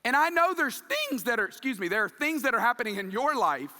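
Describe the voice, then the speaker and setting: Animated high-voiced male preacher. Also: fast, big-room sound. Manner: animated, conversational preaching with quoted asides. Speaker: pastor. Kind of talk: sermon. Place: church sanctuary.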